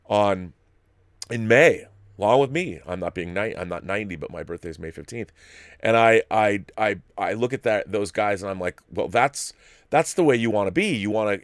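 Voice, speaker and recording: A man's voice: lowish voice, no room sound, clean studio sound. A man in his fifties hosting a live-stream show, chatting in a rambling way with many restarts. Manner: baby-talk voice to dogs. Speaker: host.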